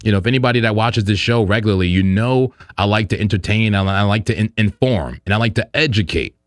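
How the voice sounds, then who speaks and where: A man's voice: on the low side, quick pace, no echo, studio quality. A man hosting a crypto trading livestream, chatting casually and animatedly, joking often. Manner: animated and joking, with frequent fillers and laughs. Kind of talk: casual live-stream chat.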